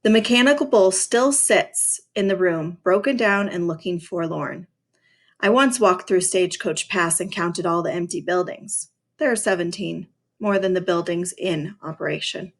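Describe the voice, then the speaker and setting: A woman's voice: on the low side, moderate pace. A woman reading a first-person novel aloud in a dry, sarcastic voice, stopping now and then to talk to her listeners about it. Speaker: reader.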